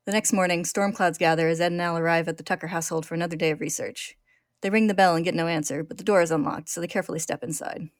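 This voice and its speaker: A woman podcast host retelling an episode in steady, clear storytelling narration. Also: lowish voice, rapid-fire, no echo, clean studio sound.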